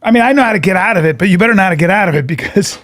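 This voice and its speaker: A man's voice: high voice, expressive, very fast, fairly bright tone, no room sound. A man co-hosting a podcast, chatting casually and telling rambling stories that stop and restart. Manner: rambling, self-interrupting storyteller. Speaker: podcast co-host and comedian. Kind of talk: casual chat.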